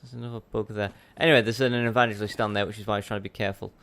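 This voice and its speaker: A man's voice: on the low side, little pitch movement, rapid-fire, a bit bright. A man hosting a let's play, giving chatty, self-mocking commentary as he plays and talking back to the game. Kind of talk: gameplay commentary.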